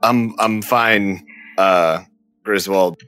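Guy playing a tabletop game, bright voice, casual banter. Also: lowish voice, fairly even intonation, drawn-out words, smooth, soft background music. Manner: casual, laughing, in-character banter. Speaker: player. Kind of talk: tabletop role-play.

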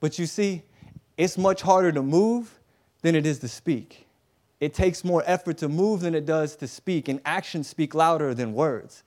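A man's voice: on the high side, measured pace, darkish tone. A man preaching a casual, conversational sermon, telling the story with slangy asides and stammered repeats.

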